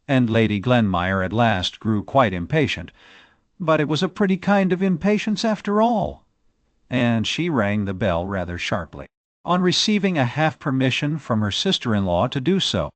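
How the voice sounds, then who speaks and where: Male audiobook narrator, classic novel, lively pitch, dry close sound. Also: moderate pace, no echo.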